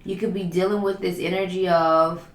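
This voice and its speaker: A woman's voice: on the low side, flat delivery, moderate pace, roomy sound. A woman giving a spiritual tarot reading in a flowing, repetitive, affirming way, stacking up lists of phrases. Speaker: tarot reader.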